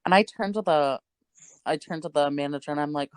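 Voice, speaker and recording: A woman's voice: sits low, brisk, smooth, no echo. A young woman co-hosting a podcast, telling a story in casual chat, swearing freely and laughing as she goes. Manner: animated, profane, laughing as she tells it. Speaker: podcast co-host.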